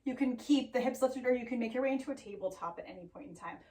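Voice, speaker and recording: A woman teaching a yoga class, giving calm, steady breath cues with playful sounds. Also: fairly high pitch, fast talker. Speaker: yoga instructor. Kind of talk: guided yoga class cueing. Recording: roomy echo, voice from a distance off the mic.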